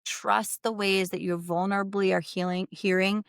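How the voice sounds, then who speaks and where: A woman guest on a podcast, telling a workplace story in a lively, conversational way and acting out the people she quotes. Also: mid-range voice, moderate pace, vocal fry, clean tone, no echo, studio quality. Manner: animated, acts out quoted people. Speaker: podcast guest, wealth strategist.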